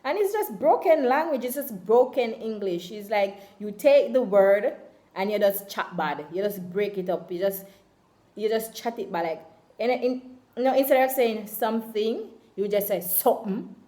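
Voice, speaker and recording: A woman's voice: medium pitch, animated, moderate pace, mellow, roomy sound. A young Jamaican woman talking casually to her viewers in a vlog, chatty and full of fillers. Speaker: vlogger.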